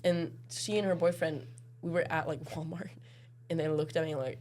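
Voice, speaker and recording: A young woman from Norway with a Norwegian accent, a podcast guest chatting casually, laughing often and trailing off softly at the ends of her sentences. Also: low voice, fairly even intonation, moderate pace. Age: young adult. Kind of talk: casual chat.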